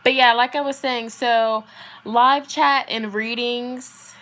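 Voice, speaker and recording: A woman's voice: on the high side, steady tone, slow, sharp tone. A young woman hosting a casual live stream from her phone as a tarot reader, talking in a loose, slangy way and reading viewer comments aloud. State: a little out of breath. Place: outdoors with spotty wifi.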